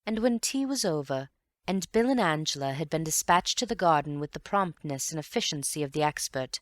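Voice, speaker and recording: A woman narrating an audiobook in a measured, expressive storytelling manner. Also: low-pitched, dry recording. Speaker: audiobook reader.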